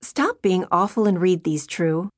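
A woman voicing an earnest, determined young schoolgirl writer who speaks crisply in a storybook reading. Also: on the low side, expressive, dry recording, clean studio sound. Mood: brisk. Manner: crisp and brisk.

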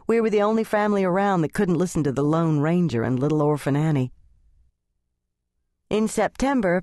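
A woman narrating an audiobook in gentle, measured storytelling. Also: low voice, dry recording, studio quality. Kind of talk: scripted narration.

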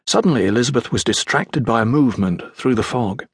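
A male narrator reading a children's adventure audiobook, his voice slightly husky and mid-pitched. The recording is dry and close, with no room around it. He tells the story in a measured, even manner. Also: dry recording. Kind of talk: scripted narration.

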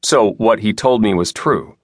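A man's voice: on the low side, a little slow, no echo, studio quality. A man voicing a blunt young starship captain. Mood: tense. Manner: blunt and clipped, objecting. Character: young male starship captain, tense and grieving.

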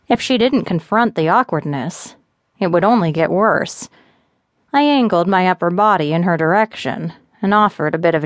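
A woman narrates an audiobook in a steady, even storytelling manner. Her voice is fairly low for a woman. The recording is dry and close, with no room echo.

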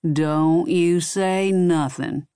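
A woman voicing a crude, gruff male werewolf sheriff who growls and drawls his lines slowly. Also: on the high side, lively intonation, dry recording, studio quality.

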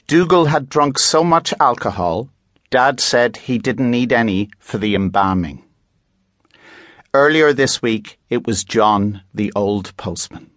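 A man reads a children's story aloud at a slow, unhurried pace in a measured storytelling manner. The sound is close and dry. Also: mid-range voice, lively intonation, fairly bright tone, dry recording. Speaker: audiobook narrator. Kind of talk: scripted children's book narration.

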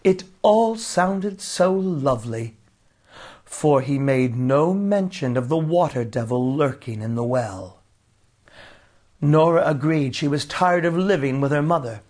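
A man narrating a children's storybook in an expressive, unhurried way. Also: a little high. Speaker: audiobook narrator.

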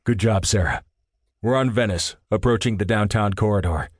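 A man voicing a gruff, stern male federal agent who talks in low growls. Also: moderate pace, no echo, clean studio sound, natural voice. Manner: growling, terse. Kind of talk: audiobook character voice.

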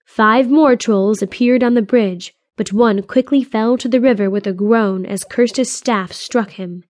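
A woman reading a fantasy audiobook in a steady, even storytelling voice on a close studio mic. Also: fairly high pitch, measured pace, no room sound. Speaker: audiobook narrator. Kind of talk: scripted fantasy narration.

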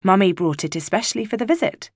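A woman narrator plays a girl nearing womanhood who soothes her younger sister. The voice is lifted above her own and soft, patient and kind. Dry, close sound. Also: medium pitch, lively intonation, quick pace, no echo, pitched above the performer's own voice, lightly acted. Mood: soothing.

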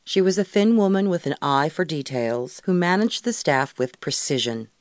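A woman narrating a romance audiobook in an expressive storytelling voice, close to the mic. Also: low-pitched, moderate pace, dry recording. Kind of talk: scripted narration.

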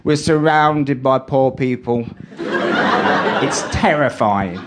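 A man's voice: medium pitch, slow pace, very noisy. A middle-aged man doing live stand-up, telling stories in a wry, exasperated way. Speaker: stand-up comedian. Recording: loud audience laughter from a live show. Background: audience laughing.

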